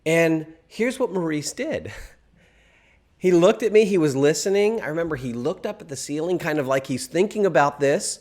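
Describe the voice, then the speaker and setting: Male teacher for a course video: somewhat high, highly animated, emphatic storyteller. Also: moderate pace. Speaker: Christian apologetics teacher.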